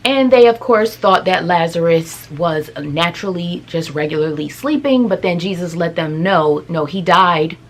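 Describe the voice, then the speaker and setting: A woman's voice: fairly low pitch, normal speed, few pauses. A woman casually retelling Bible stories in a conversational way, with asides and fillers. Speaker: Bible storyteller. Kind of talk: casual storytelling.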